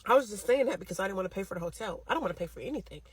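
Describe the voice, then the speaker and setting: A woman's voice: mid-range voice, animated, rapid-fire, slightly rough, no echo. A woman telling a story in a casual, heated rant, blunt and full of swearing, speaking close to a phone mic. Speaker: storytime vlogger.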